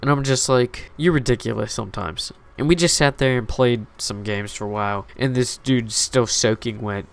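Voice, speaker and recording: A YouTube storyteller with a clear, resonant, medium-pitched voice talks at a moderate pace with few pauses. His casual storytime narration is loose and rambling, full of swearing and filler words, over faint background music.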